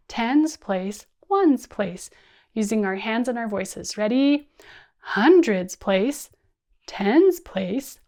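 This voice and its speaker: Woman teacher explaining a lesson, upbeat, leads kids in counting out loud. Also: on the high side. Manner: upbeat, models call-and-response counting with students. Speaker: teacher trainer. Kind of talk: instructional video modeling classroom talk.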